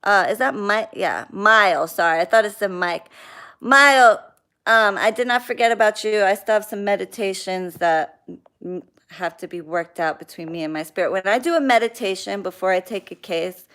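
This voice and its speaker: Young woman, mid-pitched voice, casual livestream host, blunt and profane, chatty rants. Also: moderate pace, fairly bright tone, clear, resonant tone. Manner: blunt, venting, reads out viewer names and swears freely. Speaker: spiritual practitioner hosting a livestream.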